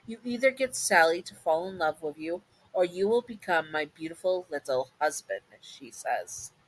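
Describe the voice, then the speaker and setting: A woman's voice: lowish voice, animated, normal speed, slightly rough, dry recording, low-quality recording. A woman narrating a listener role-play story in a casual, chatty way, sometimes correcting herself. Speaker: narrator and channel host.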